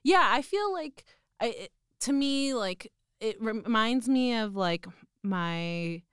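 Young texan woman, chatty, laughs a lot, smooth clear voice, dry close mic. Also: a little high, expressive, slow, no room sound. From Texas. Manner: chatty, self-deprecating, laughs often. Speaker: guest. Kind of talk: casual chat.

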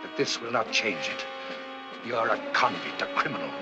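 A man's voice: lowish voice, lively intonation, moderate pace, loud music behind the voice, close to an everyday voice. An actor playing a relentless, proud male police inspector who speaks with cold contempt. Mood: contemptuous.

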